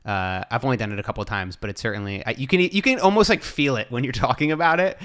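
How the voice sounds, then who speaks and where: A man hosting a podcast interview, asking thoughtful questions and reflecting out loud as he feels for his words. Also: mid-range voice, quick pace. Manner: thoughtful, searching questions with restarts. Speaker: podcast host. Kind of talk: casual interview chat.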